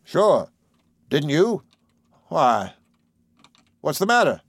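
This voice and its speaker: A man's voice: a little high, very animated, extremely slow, dry recording, pitched above the performer's own voice, full character voice. A man reading aloud, voicing a blunt, fearless country doctor who talks in clipped, matter-of-fact bursts.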